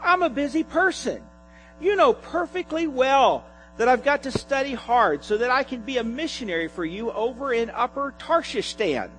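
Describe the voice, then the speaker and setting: A man's voice: very high-pitched, lively intonation, moderate pace, fairly bright tone, faint music behind, pitched above the performer's own voice, rough recording. A man putting on a prim, haughty college girl. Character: self-absorbed young woman student, dismissive.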